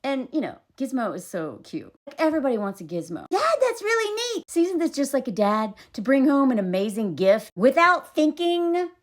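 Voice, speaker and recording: A woman's voice: on the high side, sing-song, normal speed, hardly any pauses. A young adult woman giving a sarcastic, exasperated comedic movie recap. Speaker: video creator.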